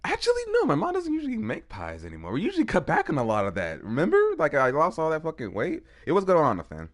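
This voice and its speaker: A man's voice: fairly high pitch, wildly swooping pitch, quick pace. Man chatting with his mouth full. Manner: laid-back, profane, trails off and repeats himself. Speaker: podcast host. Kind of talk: casual chat.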